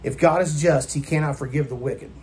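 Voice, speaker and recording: A man's voice: a little high, a little fast, darkish tone, a little hiss or hum. A man preaching a sermon in a church, emphatic and full of rhetorical questions put to the congregation. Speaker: pastor.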